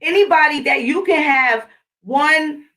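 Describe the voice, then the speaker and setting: A middle-aged channel host rants in a high-pitched, bright, forceful voice, unhurried and far from the mic. Her casual monologue is blunt, combative and profane.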